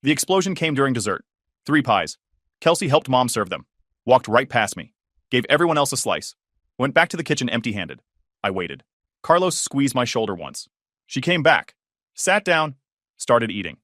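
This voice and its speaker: A man in his thirties reads a first-person story in short, clipped sentences, his pitch moving freely. The recording is dry and close, with no room around it. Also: big pitch swings, normal speed, pauses often, fairly bright tone, dry recording. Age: 30s. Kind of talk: scripted story narration.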